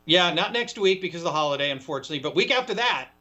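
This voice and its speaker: A man appearing as a guest analyst on sports radio, giving quick, enthusiastic fantasy football advice. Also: a little high, animated, bright, forceful tone, highs cut off.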